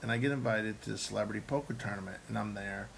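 A man's voice: fairly low pitch, quick pace, creaky, a bit bright, a little hiss or hum, low-quality recording. A man, an actor and comedian, telling a long story in casual chat, acting out the quotes and swearing freely.

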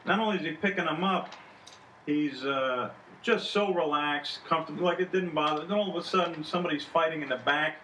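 Man, comedian, high bright voice, hesitant reminiscing, echoey distant sound. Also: fairly quick, slight background noise. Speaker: stand-up comedian. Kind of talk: casual chat among comedians. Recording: echoey room, mic at a distance.

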